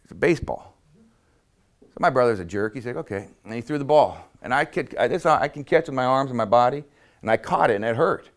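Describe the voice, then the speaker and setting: A man's voice: medium pitch, animated, a little fast. A middle-aged man telling a self-deprecating, humorous story from his childhood as a motivational talk.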